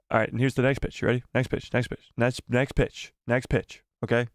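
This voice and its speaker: Male stream host, animated, repeats himself, dry sound. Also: mid-range voice, a little fast, hardly any pauses, no room sound. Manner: animated, repeats himself while building theories. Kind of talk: casual live-stream commentary.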